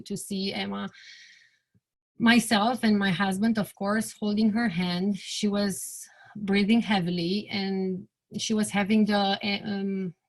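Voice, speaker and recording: A woman in her forties, a bereaved mother giving an earnest personal testimony. She often pauses, restarts, and lets her sentences trail off quietly. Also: mid-range voice.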